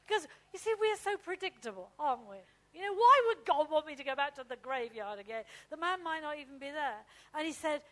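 A middle-aged woman preaches with a high, bright-pitched voice. She tells personal stories in a lively, anecdotal way. She often turns to the congregation and speaks to them directly. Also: fairly quick. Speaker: pastor's wife preaching.

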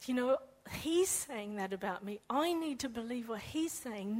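A woman giving a personal faith testimony in an earnest, halting way, often repeating words as she restarts. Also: on the high side. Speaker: speaker sharing a faith testimony.

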